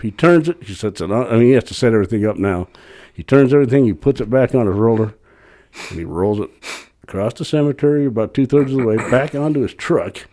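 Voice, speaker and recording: A man's voice: medium pitch, mellow. A man guest on a podcast telling a long, rambling workplace story in a plain-spoken, casual way. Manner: rambling, plain-spoken, acts out his own quotes. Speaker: cemetery worker.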